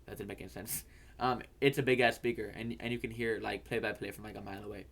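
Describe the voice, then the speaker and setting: A man's voice: on the low side, fairly even intonation, fast, vocal fry, fairly bright tone. Young man, casual storyteller, stammering, repeats words, casual swearing, rambling. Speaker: fantasy football video host.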